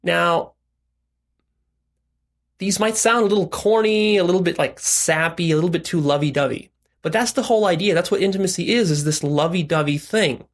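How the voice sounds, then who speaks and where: A man's voice: high voice, moderate pace. A man giving frank, direct relationship and sex advice in a casual monologue, explaining step by step with "right?" asides.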